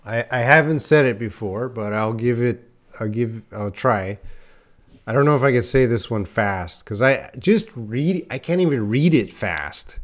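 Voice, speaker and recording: A man leading a live online English class, talking slowly and carefully. He is playful, tries tongue twisters, laughs at his own slips and answers viewers' comments as he goes. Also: mid-range voice, animated. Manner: chats with viewers reading their comments. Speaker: English teacher.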